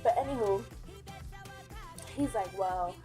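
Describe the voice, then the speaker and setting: A young woman telling a casual storytime vlog, animated, acting out the other people's lines in quick mock voices. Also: fairly high pitch, over music. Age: young adult. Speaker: vlogger.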